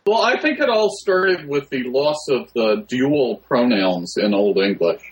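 A man who grades student papers, co-hosting a casual chat with dry, deadpan jokes. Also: medium pitch, unhurried, low-quality recording. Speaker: linguist and teacher.

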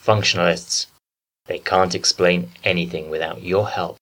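Mock sponsor read: man doing a deep, grave announcer voice. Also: fairly even intonation, moderate pace, fairly bright tone, low-quality recording. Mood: solemn. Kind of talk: spoof ad read.

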